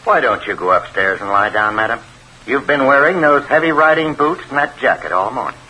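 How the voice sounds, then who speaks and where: A man's voice: mid-range voice, expressive, brisk, sharp tone, a little hiss or hum, rough recording. A man playing a polite, deferential butler in a 1940s radio drama.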